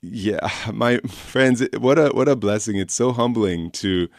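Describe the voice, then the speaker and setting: A raspy-voiced priest guiding a call-in radio show with gentle, pastoral reassurance. His voice sits on the low side, and the studio sound is close and dry, with no room around it. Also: measured pace, no echo.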